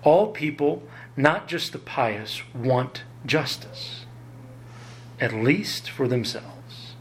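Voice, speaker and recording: A man preaching a sermon, emphatic and lively, often jumping up in pitch to drive home a point. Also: drawn-out words, a little hiss or hum. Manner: emphatic, rises sharply in pitch to stress points. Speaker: pastor.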